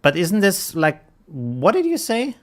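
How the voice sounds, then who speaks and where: A man's voice: high-pitched, huge pitch swings, measured pace. A man with a German accent hosting a casual live stream, greeting viewers by name and chuckling often.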